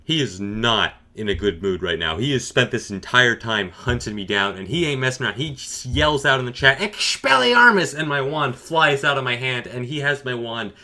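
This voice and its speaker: A man telling a comedic gaming story in a dry, deadpan, matter-of-fact way. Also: mid-range voice, moderate pace, few pauses.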